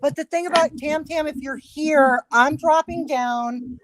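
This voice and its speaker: High-voiced chatty woman, dry close sound. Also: unhurried, no echo. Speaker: panel guest. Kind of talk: casual chat. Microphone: phone on a live stream.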